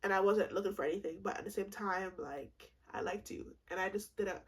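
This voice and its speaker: A woman's voice: mid-range voice, brisk, husky. A woman in her twenties telling a casual storytime vlog, rambling and profane, with frequent laughter. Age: 20s. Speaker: vlogger.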